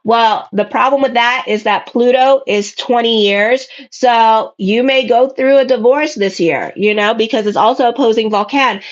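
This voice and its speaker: A woman's voice: a little high, moderate pace, few pauses, muffled recording. A woman astrologer giving a casual weekly tarot reading in a sassy, blunt way. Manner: sassy, blunt, acts out listeners' voices.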